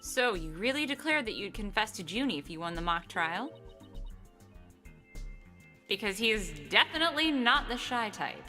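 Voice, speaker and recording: A woman's voice: medium pitch, big pitch swings, moderate pace, pauses often, sharp tone, faint music behind. A woman voicing an eager young female defense attorney in a game dub, upbeat and determined.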